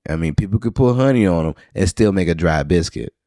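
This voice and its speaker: This New Orleans podcaster delivers a loose solo monologue, sprinkled with dry, profane comments. He talks briskly and animatedly in a low, dark voice, captured at studio quality with no echo.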